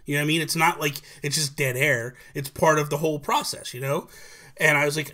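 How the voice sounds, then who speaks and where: A man hosts a relaxed live chat, his voice sitting a bit high. He rambles with energy, often starting a sentence over. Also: quick pace. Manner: animated, rambling with many restarts, greets chatters. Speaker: livestream host.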